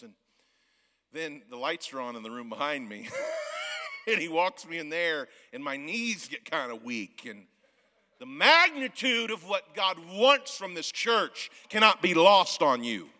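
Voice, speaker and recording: Loud, bright-voiced man preaching in a hall. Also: a little high, wildly swooping pitch, a little slow. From Missouri Ozarks. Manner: loud, yelling preacher, laughs often. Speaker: guest pastor. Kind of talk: sermon. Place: large church auditorium. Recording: long church hall reverb.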